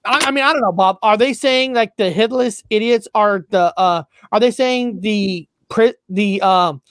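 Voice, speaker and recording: A man's voice: sits high, measured pace, a bit bright, no room sound, studio quality. A man co-hosting a casual chat, reading passages aloud, stumbling over words and swearing offhand.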